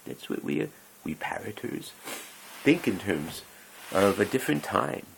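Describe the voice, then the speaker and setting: A man's voice: fairly low pitch, big pitch swings, measured pace, vocal fry, a little hiss or hum, rough recording. A man talking in a rambling, meandering way, often breaking off mid-sentence and chuckling as he goes. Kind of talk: rambling casual monologue.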